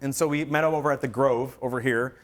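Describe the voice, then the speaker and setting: A man's voice: mid-range voice, steady tone, fast. A man giving a workshop talk to real estate agents, telling stories and acting out quoted voices with energy.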